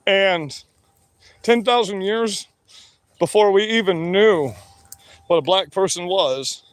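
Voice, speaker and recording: High-voiced man in a profane rant. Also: takes it slowly, no room sound. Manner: profane, combative, heavy swearing. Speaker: vlogger. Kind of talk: angry monologue rant.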